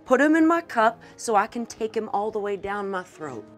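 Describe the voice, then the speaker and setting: A woman's voice: medium pitch, very animated, moderate pace, natural voice. A woman playing a flirtatious sultry wife. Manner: flirtatious, suggestive. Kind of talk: improvised comedy sketch acting. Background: music.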